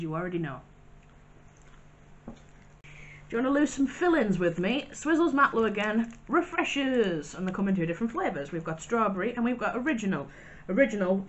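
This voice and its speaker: A woman in a casual vlog, reviewing sweets and crisps in a chatty, wry way with little asides. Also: medium pitch, highs cut off. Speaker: vlogger.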